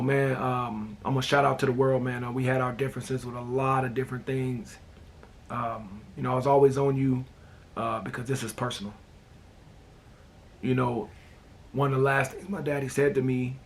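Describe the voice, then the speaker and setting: A man hosting a casual talk show, telling personal stories in a relaxed way and often repeating "man" and "you know.". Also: mid-range voice, creaky, a little hiss or hum. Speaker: host.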